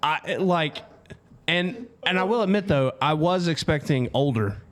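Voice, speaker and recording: A man from the United States co-hosting a podcast, chatting casually and telling stories with quick asides. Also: on the high side, expressive. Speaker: podcast co-host. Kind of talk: casual chat.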